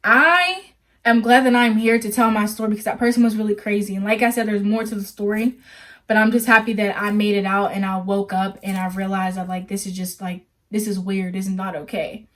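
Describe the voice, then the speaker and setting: A woman's voice: mid-range voice, steady tone, fairly quick, fairly bright tone. A young woman vlogger telling a personal story in a casual, chatty way, leaning heavily on "like" and ending on an earnest warning. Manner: chatty, heavy use of "like"; earnest, cautionary.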